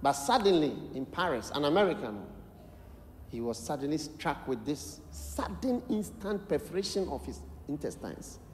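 Ghanaian bishop preaching, lively swooping voice, big echoey church hall. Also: male voice, a little high, normal speed, a little hiss or hum. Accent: Ghanaian English. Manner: animated storytelling, acting out quoted voices, bursts of shouting prayer. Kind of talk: sermon. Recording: echoey large hall, live sermon.

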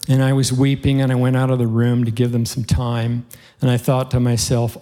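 In a sermon, a man recounts a heartfelt story to the people of his church with earnest sincerity and the odd soft laugh. His medium-pitched voice stays monotone, moving at a normal speed with few pauses.

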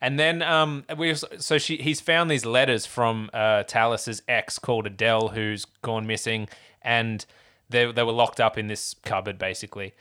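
Smooth-voiced man chatting casually. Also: mid-range voice, fairly even intonation, normal speed, pushed and bright. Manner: rambling, laughs often. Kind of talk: casual film discussion.

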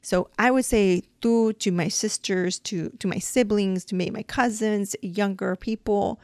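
A woman's voice: mid-range voice, fairly even intonation, unhurried, darkish tone, no echo. A woman from a Mexican family raised in the United States, explaining dental Spanish patiently with examples, using many "um"s and "like"s. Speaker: dental hygienist teaching dental Spanish. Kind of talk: casual podcast lesson.

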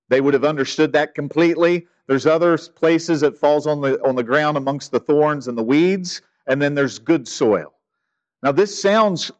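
A man delivers a sermon in a conversational, emphatic style. He punches out short quoted commands with force. His voice sits a little high, and the recording sounds slightly dull and lo-fi. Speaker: pastor. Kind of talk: expository sermon.

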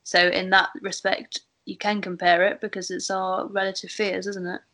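A woman leading a casual Bible study discussion in a thoughtful, gently guiding way. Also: mid-range voice, flat delivery, normal speed. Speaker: Bible study group leader.

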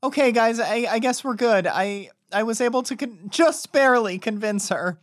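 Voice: mid-range voice, normal speed, no room sound, clean studio sound. A tabletop player speaking in character, earnest and rambling with fillers. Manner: earnest, talks his way out with fillers.

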